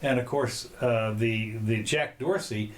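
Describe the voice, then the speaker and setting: A man's voice: medium pitch, slight background noise. Rambling man hosting a casual chat. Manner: rambling, halting, many restarts. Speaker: podcast host.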